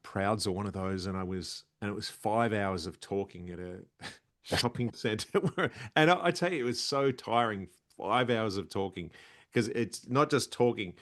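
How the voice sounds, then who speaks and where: Australian man, comedian guest, animated storytelling, low voice. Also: dry recording, clean studio sound. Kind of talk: casual interview chat.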